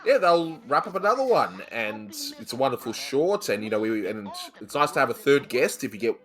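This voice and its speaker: A man hosts a relaxed podcast conversation, reviewing an old cartoon. He talks at a middling pitch in a chatty, stop-start way, restarting phrases and laughing easily. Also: a little fast, faint music behind. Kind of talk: casual chat.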